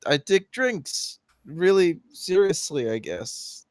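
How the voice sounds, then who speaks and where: A man playing a tabletop game in character, stammering and swinging between loud and mumbled lines. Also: fairly high pitch, big pitch swings, slow, slight background noise. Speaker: player. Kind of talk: in-character tabletop role-play.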